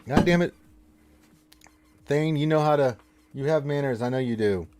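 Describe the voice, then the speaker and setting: A man's voice: mid-range voice, a little fast, background noise. A man hosting a casual live game stream, reading the chat aloud and teasing viewers with mock-stern playfulness.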